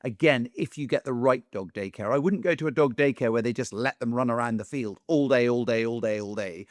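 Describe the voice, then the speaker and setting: A man's voice: medium pitch, a little fast, dry recording, studio quality. A man, a dog trainer, talking casually to camera in a chatty way and acting out other people's lines in raised voices.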